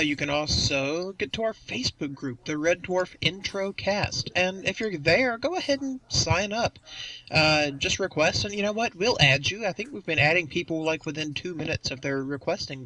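Bright-voiced joking podcast host, a man. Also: high voice, lively intonation, normal speed, no room sound, low-quality recording. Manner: joking, chatty. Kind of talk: casual chat.

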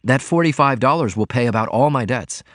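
A man's voice: mid-range voice, animated, fairly quick, a bit bright, no room sound, clean studio sound, voice pushed up, lightly acted. A man reading an audiobook, voicing a poor young male writer who talks in an earnest, eager way. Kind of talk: audiobook character voice.

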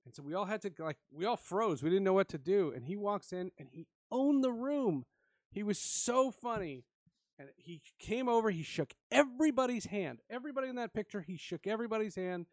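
A man casually telling an animated story with frequent laughs. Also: high-pitched, a little fast, no echo, clean studio sound.

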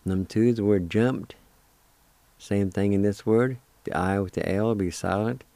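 A middle-aged man teaching words slowly, spelling them out and repeating each syllable, with gentle encouragement. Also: fairly low pitch, vocal fry, dry recording. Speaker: language teacher and radio host. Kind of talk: slow spoken language lesson.

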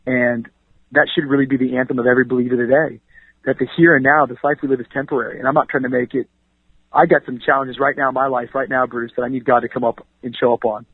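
A male pastor and author speaking as an interview guest in an energetic, preachy manner, often adding 'you know what I mean'. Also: medium pitch, racing, husky, no room sound. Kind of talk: conversational radio interview. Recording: dry, tinny phone line.

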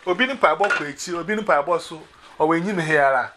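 A man's voice: a little high, quick pace, background noise. A man from Ghana rambling casually on a phone call, slipping between English and Akan.

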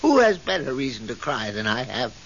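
A man's voice: mid-range voice, sing-song, fairly quick, fairly bright tone. An actor in a vintage radio drama, playing a self-pitying, theatrical man who speaks melodramatically. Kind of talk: 1970s radio drama acting. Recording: dull hissy old radio recording.

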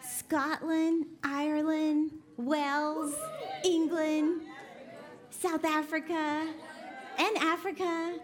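A woman's voice: high voice, little pitch movement, drawn-out words, crowd noise. A woman speaking at a women's conference, chatty and jokey, laughing often before turning earnest in her sermon. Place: conference session hall.

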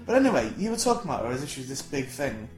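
Teasing, fast-talking man. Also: medium pitch. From St Helens, North West England. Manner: teasing, deadpan mock-jealousy, swears freely. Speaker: podcast host. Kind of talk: comic banter. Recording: roomy sound with music behind.

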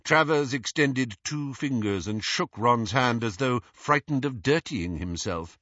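Animated, bright male audiobook narrator. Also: mid-range voice, measured pace, hardly any pauses, no echo, highs cut off. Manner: expressive, animated reading. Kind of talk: scripted narration.

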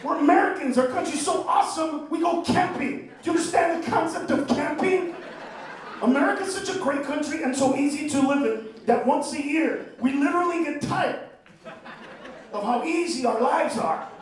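A male stand-up comedian working a live club crowd, profane and prone to loud shouting rants. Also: very high voice, normal speed. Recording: echoey live club, distant mic, crowd noise.

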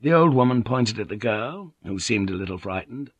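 A man reading a novel aloud as a narrator, measured and even. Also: lowish voice, husky, dry recording, muffled recording. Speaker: audiobook narrator. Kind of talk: scripted narration.

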